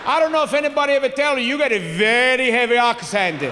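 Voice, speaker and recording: A man's voice: very high-pitched, quick pace, noisy background, pitched above the performer's own voice. A man voicing an exasperated immigrant father who speaks broken English on the phone. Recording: echoey hall, faint ambience.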